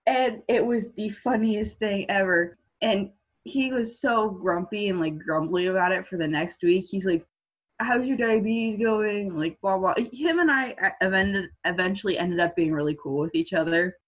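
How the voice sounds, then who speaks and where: Husky teenage girl telling a story. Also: mid-range voice, moderate pace. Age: teens. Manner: animated, laughing storyteller. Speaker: guest. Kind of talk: casual storytelling. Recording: muffled lo-fi audio.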